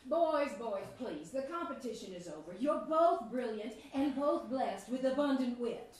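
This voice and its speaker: Weepy gushing southern mom acted by a woman, high voice, echoey stage. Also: expressive, measured pace, a little mellow. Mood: soothing. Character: tearful loving Southern mother. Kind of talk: stage play acting. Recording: echoey theater from far off.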